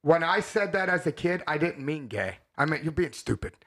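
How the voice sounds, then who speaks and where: A man with a slightly higher voice than most, chatting casually on a podcast. He speaks bluntly and works out his thoughts as he goes, restarting his sentences. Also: big pitch swings, normal speed, fairly bright tone. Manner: blunt, thinks aloud with restarts. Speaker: podcast co-host. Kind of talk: casual chat.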